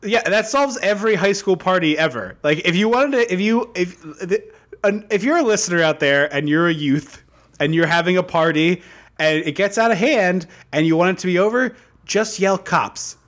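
Excitable man, high lively voice. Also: a little fast. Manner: excitable, joking, laughs often. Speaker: podcast co-host. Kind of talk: casual chat recapping a film.

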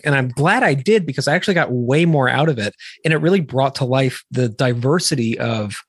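A man's voice: mid-range voice, fairly quick, few pauses, breathy edge, no echo, clean studio sound. A man hosting a casual podcast interview, talking in long rambling turns with many restarts. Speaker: podcast host.

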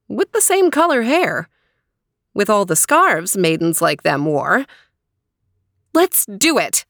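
Lady reading a storybook out loud, expressive, dry close mic. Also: mid-range voice, no room sound. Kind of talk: scripted storybook narration.

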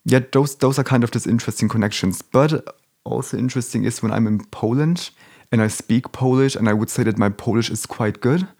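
A man's voice: medium pitch, fairly quick, darkish tone. A young man born in Germany, talking as an interview guest in a casual, hesitant way, often restarting and searching for words.

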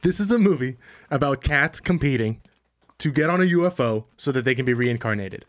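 A young man with a mid-pitched voice co-hosts a relaxed podcast. He rambles in a goofy, crude way. His voice sounds dry and close to the mic. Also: fairly quick, no room sound. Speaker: podcast co-host. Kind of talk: casual podcast chat.

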